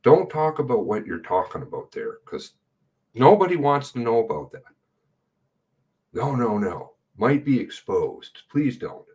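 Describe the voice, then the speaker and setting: A middle-aged man giving casual, sarcastic running commentary on a livestream, blunt and quick to swear. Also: mid-range voice, very animated, darkish tone, husky.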